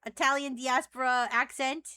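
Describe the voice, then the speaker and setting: A woman's voice: sits high, fairly even intonation, moderate pace, pushed and bright, smooth, no room sound, clean studio sound. A woman streamer chatting casually and teasingly, often stammering through her questions. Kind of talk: casual live-stream chat.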